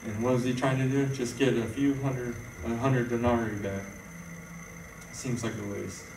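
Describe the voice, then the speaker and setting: A man's voice: mid-range voice, flat delivery, normal speed, background noise. A man preaching an informal sermon, rambling and conversational with many fillers and restarts. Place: church hall. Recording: echoey room, voice from far off.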